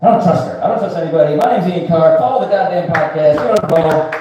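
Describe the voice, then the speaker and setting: Performing stand-up for a crowd, a comedian in his thirties delivers a crude, wandering set fast and with lively intonation, frequently tossing out "right?". His fairly high voice is caught from far off in an echoey room amid heavy background noise.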